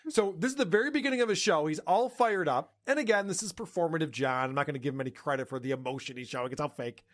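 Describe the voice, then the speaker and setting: A man's voice: fairly high pitch, fast talker, a bit bright. A man hosting a podcast, casually mocking clips he plays and laughing often. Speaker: podcast host.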